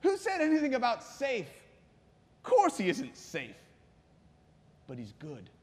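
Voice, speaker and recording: A man's voice: very high-pitched, huge pitch swings, slow, voice pushed up, full character voice. A man voicing a blunt, emphatic male beaver with an English accent. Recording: long reverb in a hall.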